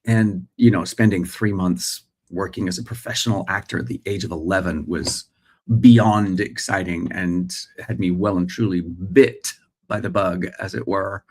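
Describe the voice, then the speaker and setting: A man's voice: low-pitched, steady tone, normal speed. A man in his forties from Australia, speaking American with Australian traces, chatting live as host and reading viewer comments with many fillers.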